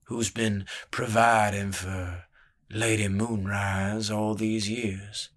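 A man voicing a sly, calculating older male spymaster who talks slowly and smoothly, needling as he goes. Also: fairly low pitch, level tone, fairly bright tone. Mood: cool, needling.

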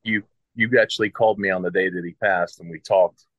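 A man's voice: deep voice, steady tone, fairly quick, a bit bright, no echo, dull audio. A man calling into a live video call, telling a personal story in a hesitant, earnest way. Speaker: caller.

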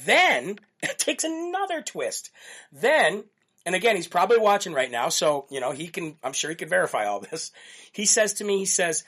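A male host delivering a live-streamed monologue with fairly high pitch. He tells his story in an animated way and keeps repeating key phrases for emphasis. The delivery is brash and conversational. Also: fairly quick. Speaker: political talk show host.

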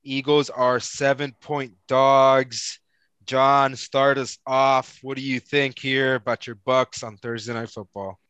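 A man's voice: mid-range voice, slow, clear, resonant tone, dry recording, lo-fi sound. A young man hosting a casual sports betting podcast, telling stories with plenty of laughter and swearing. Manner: laughing, swears freely, excitable storyteller. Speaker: podcast host.

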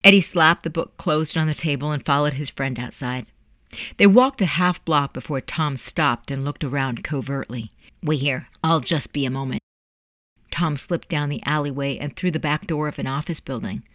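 An audiobook narrator with a middle pitch reads in a measured storytelling way. The sound is dry and close, with no room echo. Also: a bit bright. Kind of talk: scripted narration.

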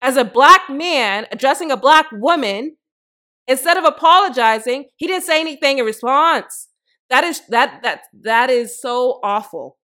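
A woman's voice: high voice, lively intonation, normal speed, pushed and bright. A woman in her thirties hosting a podcast, giving blunt, profane, emphatic opinion commentary in a casual way. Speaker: podcast host.

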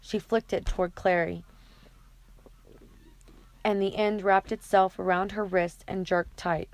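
A woman narrating an audiobook chapter in a steady, even reading. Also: medium pitch, a little slow.

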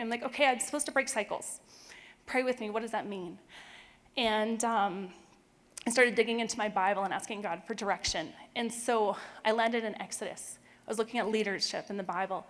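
A middle-aged woman giving a personal faith testimony, emotional and laughing now and then as she talks. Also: a little high. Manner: emotional, tearful at moments, laughs often. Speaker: church speaker sharing testimony. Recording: long hall reverb.

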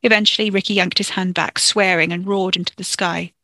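A storyteller reading a dark fiction chapter in a steady, measured way into a close microphone. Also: mid-range voice, no room sound. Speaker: podcast storyteller. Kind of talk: audiobook-style fiction narration.

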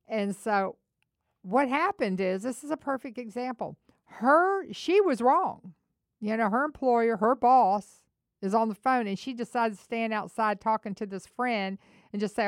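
Woman, middle-aged, faith-based teaching talk, animated storyteller, clear resonant voice. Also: on the high side, a little slow, no room sound, studio quality. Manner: animated storyteller, acts out both sides of a phone call. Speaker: co-host.

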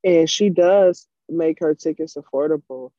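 A chatty man with a fairly high, mellow voice, pausing to search for his words in a casual chat. The audio is muffled and lo-fi. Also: no room sound.

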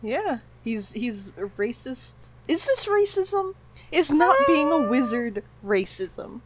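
A woman's voice: sits high, sing-song, takes it slowly, a little hiss or hum, poor audio. A woman co-hosting a comedy podcast who makes sarcastic, swearing asides. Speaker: podcast co-host. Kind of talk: casual comedic chat.

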